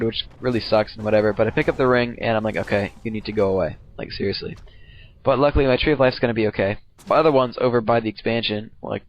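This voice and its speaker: A man's voice: mid-range voice, a little hiss or hum. A young man casually commenting on his own game replay, rambling, slangy and profane.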